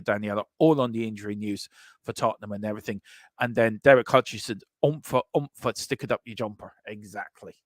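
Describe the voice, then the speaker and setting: A man's voice: mid-range voice, dry recording, studio quality. Boisterous man hosting a stream. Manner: boisterous, boastful, reads out chat messages. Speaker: host of a football transfer news show. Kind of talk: casual live-stream chat.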